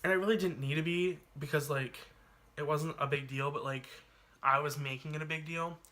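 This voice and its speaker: A man's voice: a little high, fairly even intonation, brisk, sharp tone. A man telling a personal story on his vlog in a chatty, dramatic way, full of "like" and asides. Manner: chatty, dramatic retelling peppered with "like". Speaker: YouTuber.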